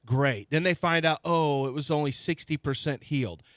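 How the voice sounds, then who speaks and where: A man's voice: fairly high pitch, normal speed, fairly bright tone, no echo, studio quality. A man hosting sports talk radio, ranting indignantly and restarting his sentences.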